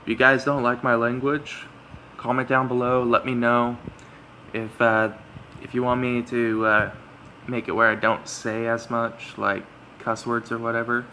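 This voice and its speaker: A man's voice: mid-range voice, vocal fry, pushed and bright, a little hiss or hum, poor audio. A man reading a visual novel aloud, breaking off into rambling, self-correcting asides to his viewers. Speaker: let's play gamer.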